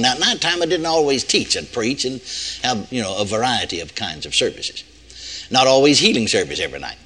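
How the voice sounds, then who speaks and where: A man's voice: mid-range voice, bright, forceful tone. An older man preaching a sermon that tells a story, with a folksy, emphatic manner and plenty of repetition.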